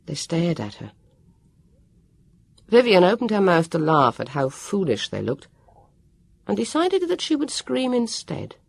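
A woman reads a novel aloud in expressive storytelling. Her voice is low with a gravelly, husky texture and lively intonation. The recording is close and dry. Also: a little slow, long pauses, dry recording. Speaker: audiobook narrator. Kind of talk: scripted narration.

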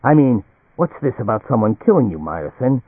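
A man's voice: mid-range voice, sing-song, normal speed, breathy edge, dry recording. A man voicing a fussy, aggrieved lawyer. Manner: complaining, self-important. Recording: tinny, phone-like and dry.

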